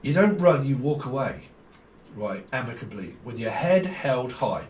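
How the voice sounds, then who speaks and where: A man's voice: medium pitch, big pitch swings, a little slow, darkish tone. A man, a tarot reader talking casually to viewers in a blunt, rambling, teasing way, swearing freely and laughing often. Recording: echoey room with faint ambient noise.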